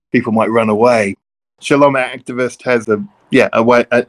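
Rambling middle-aged man telling stories. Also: mid-range voice. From Melbourne, Australia. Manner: rambling, wanders off on tangents with self-deprecating jokes. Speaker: interview guest, Church of Christ minister. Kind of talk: relaxed storytelling in conversation.

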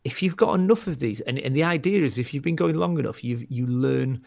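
A man's voice: mid-range voice, lively intonation, fairly quick, gravelly, darkish tone, dry recording. A male stand-up comedian chatting casually, rambling with many restarts and fillers as he tells stories. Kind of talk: casual chat.

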